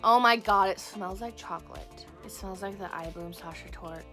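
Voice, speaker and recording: A young woman hosting a casual unboxing vlog, gushing and excitable, gasping over each cute item. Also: lowish voice, normal speed, over music. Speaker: craft and squishy channel host.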